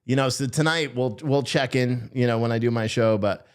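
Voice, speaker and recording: A man's voice: mid-range voice, normal speed, smooth. A man hosting a live stream, chatting casually and sarcastically with his viewers and swearing freely.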